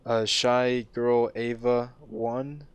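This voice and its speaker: A man's voice: mid-range voice, little pitch movement, very slow, smooth, no echo. A young man in casual chat who reads out viewer comments in a laid-back, filler-heavy way. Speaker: podcast co-host reading chat.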